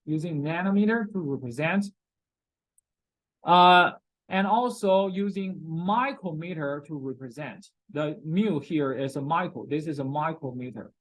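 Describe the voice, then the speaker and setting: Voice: medium pitch, a little slow, rough recording. A chemistry lecturer in a recorded class, repeating key terms, checking in often with "okay?", and speaking with non-native grammar.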